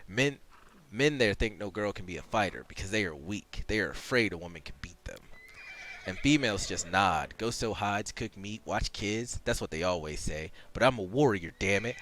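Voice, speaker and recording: A man voicing a proud, hot-tempered barbarian woman warrior, in gruff, boastful, choppy speech. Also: lowish voice, expressive, moderate pace, fairly bright tone, slight background noise. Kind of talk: reading a game's dialogue aloud.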